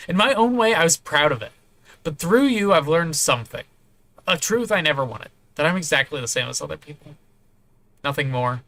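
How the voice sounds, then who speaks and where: A man's voice: fairly high pitch, sharp tone. A man voicing a hurt young woman who is crying, stammering and lashing out. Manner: trembling, stammering, then lashing out.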